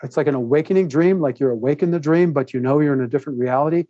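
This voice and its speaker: A man guest on a podcast, telling a long personal story in a rambling, animated way, laughing often and restarting his sentences. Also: fairly high pitch, rapid-fire, no echo, highs cut off. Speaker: podcast guest, author and speaker. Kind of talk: casual interview storytelling.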